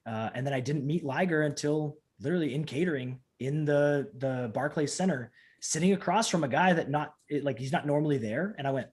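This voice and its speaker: A man talking casually as an interview guest, telling an animated story with lots of "like" and acting out what people said. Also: fairly high pitch, brisk, few pauses. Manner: animated, acts out the voices of people in his stories, fills in with "like". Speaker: professional wrestler, interview guest.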